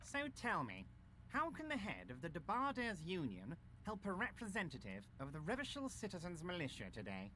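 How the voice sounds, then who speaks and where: An actor voicing a smug, portly male union boss in a video game, with a nasal voice and a smooth, unctuous politeness. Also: high-pitched, wildly swooping pitch, normal speed, pushed and bright, slight background noise, heavily acted.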